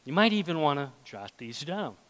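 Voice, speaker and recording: This pastor's voice sits on the high side, fairly bright and very animated, at a moderate pace. Preaching in a church hall where the sound carries a long reverb, he questions the congregation and voices inner thoughts aloud.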